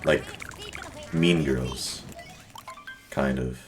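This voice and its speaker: The young man's voice is extremely low and extremely slow, with long pauses, as he streams a speedrun and chats casually with viewers. His talk wanders and is stuffed with "like," while loud game music plays behind him.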